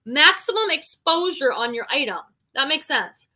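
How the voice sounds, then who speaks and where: Chatty woman on a live stream reading out comments, high bright voice. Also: lively intonation, moderate pace. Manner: chatty, reads comments aloud then reacts. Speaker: livestream host reading viewer comments. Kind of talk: casual live-stream chat.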